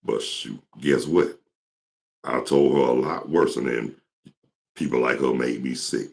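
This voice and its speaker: Host, male, very low gravelly voice, rambling storyteller. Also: slow pace. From Georgia, US. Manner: rambling, storytelling, mimics singers. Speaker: talk show host. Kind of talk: casual solo talk.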